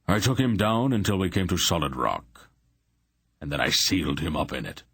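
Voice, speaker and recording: A stern, ancient sorcerer, voiced by a male reader speaks in a grim, measured tone. His voice sits deep and husky. It is a storybook voice, read dry and close. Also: very animated, a bit bright, dry recording, full character voice. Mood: grim gentle.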